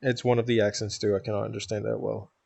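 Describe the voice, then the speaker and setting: A man's voice: on the low side, little pitch movement, fast talker, vocal fry, darkish tone, dry recording. A man from Toronto with a Canadian accent, chatting casually on a live stream, reading chat aloud, rambling and laughing often.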